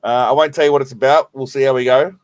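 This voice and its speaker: Play a stoned Australian man hosting a live stream. Keep it loose, profane and rambling, with a mid-pitched voice in a dry, close sound. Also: fairly even intonation, fast, no room sound. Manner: rambling, profane, laid-back. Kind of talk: casual live stream chat.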